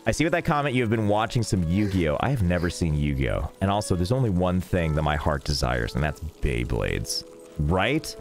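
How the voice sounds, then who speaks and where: Young guy streaming a game, kinda low voice, goofy deadpan rambling, faint game music under him. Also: moderate pace. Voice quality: jokey, rambling, deadpan asides. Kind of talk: casual gameplay streaming.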